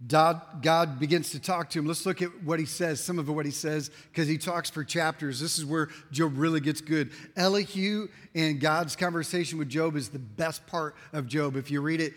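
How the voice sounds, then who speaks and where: A male pastor preaching a sermon, telling the story in an emphatic, animated way with quick asides to his listeners. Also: a little high, big-room sound.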